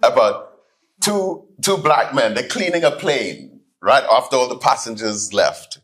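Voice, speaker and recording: Guy preaching a keynote in a hall, pitch jumping all over, acts out the people in his stories. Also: measured pace. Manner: animated storytelling, acts out voices in anecdotes. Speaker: keynote speaker, student minister. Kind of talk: sermon-style keynote address. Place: hall, live audience.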